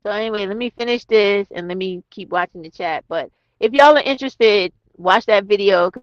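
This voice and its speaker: A woman livestreams a chat from her car, speaking bluntly and emphatically with frequent cursing. Her voice sits at medium pitch and moderate pace, and the recording is dry and dull with no room sound.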